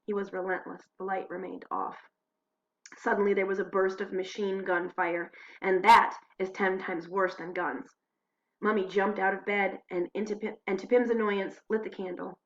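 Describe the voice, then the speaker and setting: Expressive woman reading a diary aloud. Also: mid-range voice, highs cut off. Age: adult. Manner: expressive, slows and hushes for drama. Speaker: diary reader. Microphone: computer mic.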